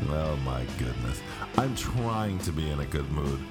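A middle-aged man hosting a podcast in casual chat, grumbling in mock aggravation. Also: very deep voice. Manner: grumbling, mock-aggravated, sing-song greetings. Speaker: podcast host. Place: home studio in Barcelona.

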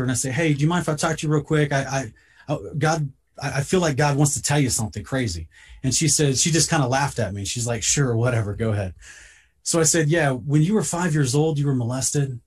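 A man with a slightly husky, breathy voice speaks at an ordinary pitch. He tells a personal story in casual podcast talk, earnest and a bit halting, repeating words as he gets going. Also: a little mellow.

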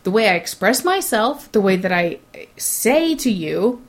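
A woman's voice: medium pitch, very animated, a little slow. A woman co-hosting a casual chat, talking in an opinionated way and mimicking others in quoted voices. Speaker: co-host.

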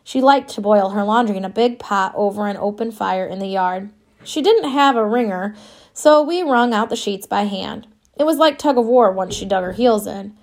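A woman's voice: mid-range voice, normal speed. A woman reading an audiobook in the first person, with a wistful, wry storytelling manner. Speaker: audiobook narrator. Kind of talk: scripted first-person narration.

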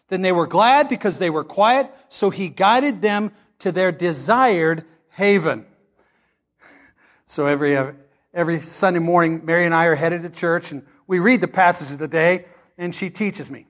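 A pastor with a high, slightly bright voice preaches passionately. He reads scripture slowly and dramatically, then picks up speed as he moves into teaching and stories.

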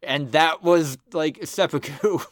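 A man's voice: a little high, takes it slowly, no echo, clean studio sound. A man co-hosting a podcast in casual chat, pedantic and swearing casually. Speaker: podcast co-host.

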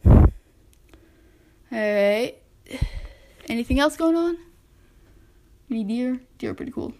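Taking her time, a young woman with a fairly high, dark voice and lively intonation hosts a laid-back solo podcast from home. She narrates the animals visible through her window, loses focus easily, and chats with them directly.

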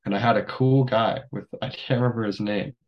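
A man's voice: lowish voice, steady tone, a little fast, muffled recording. Laid-back young man telling stories. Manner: rambling, full of "like" fillers. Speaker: podcast guest. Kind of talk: casual storytelling.

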